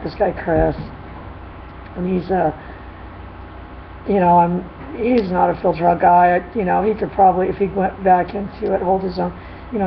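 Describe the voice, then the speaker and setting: A woman dog trainer chatting casually in a vlog, retelling a dispute in an animated, rambling way with frequent laughs. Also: lowish voice, vocal fry. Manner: animated storytelling, laughs often. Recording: dull lo-fi with faint noise.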